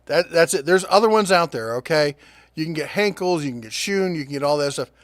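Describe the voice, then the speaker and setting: A middle-aged man hosting a casual deals rundown, chatty and quick with asides, laughing at his own jokes. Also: on the high side, animated, dry recording, studio quality. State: prone to coughing fits. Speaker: host of a tool and deals channel.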